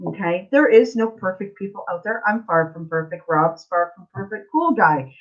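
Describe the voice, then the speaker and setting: A woman's voice: medium pitch, animated, normal speed, lo-fi sound. A woman tarot reader hosting a live stream, talking casually to viewers about life lessons, repeating herself and often asking "right?". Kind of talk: casual spiritual talk to viewers.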